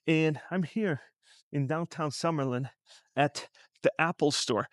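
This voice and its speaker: A man vlogs about finances in a relaxed, conversational tone, his voice sitting a little high for a man. He keeps throwing rhetorical questions at the viewer. The sound is dry and close, with no room echo. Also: measured pace. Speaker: finance vlogger. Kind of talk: casual commentary to camera. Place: outside a store in a shopping district.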